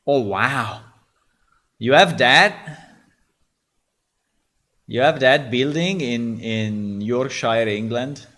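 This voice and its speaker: A man's voice: medium pitch, very slow, long pauses, a bit bright. A man, a game developer, thinking aloud in a casual dev vlog, hesitant with many restarts.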